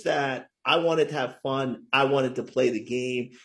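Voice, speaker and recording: A man's voice: mid-range voice, steady tone, a little slow, a bit bright. Chatty middle-aged man tagging "right?". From Northeastern US. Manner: rambling, tags many points with "right?". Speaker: author and guest. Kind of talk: casual interview chat.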